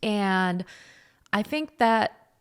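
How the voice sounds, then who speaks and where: A woman's voice: medium pitch, expressive, drawn-out words, smooth. A young woman co-hosting a podcast, telling a personal story in an earnest, reflective way with many fillers. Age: young adult. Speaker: podcast co-host, wife. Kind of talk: casual chat.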